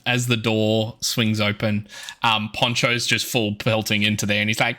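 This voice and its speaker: A man's voice: mid-range voice, normal speed, sharp tone. A man with an Australian accent narrating a tabletop game as game master, rambling with many fillers.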